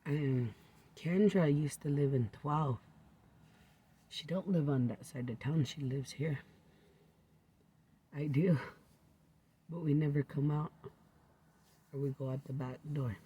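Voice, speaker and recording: A man's voice: fairly high pitch, slow, long pauses, mellow, husky. A man rambling into a home recording, drifting from topic to topic and often sinking to a near-whisper.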